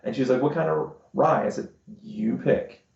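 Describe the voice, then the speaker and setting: Gravelly dark-voiced guy cussing through a bar story, echoey dull stream audio. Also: mid-range voice, moderate pace. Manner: crude, swearing storyteller. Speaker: podcast co-host. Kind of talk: casual chat.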